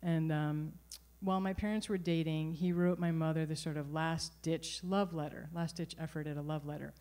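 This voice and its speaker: A middle-aged woman telling a personal story live at a venue, animated and wry. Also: sits low, normal speed. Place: performance venue.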